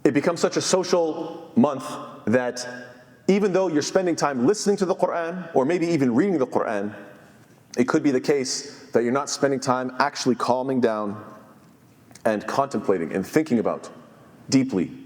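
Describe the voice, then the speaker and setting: A man's voice: mid-range voice, moderate pace, a little mellow, big-room sound. A man giving an earnest sermon as imam, quoting scholars in Arabic and then translating. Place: masjid.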